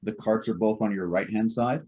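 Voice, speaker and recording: A man's voice: lowish voice, normal speed, dark tone, dull audio. A man running a tabletop game as game master, explaining the scene at length with many fillers and restarts.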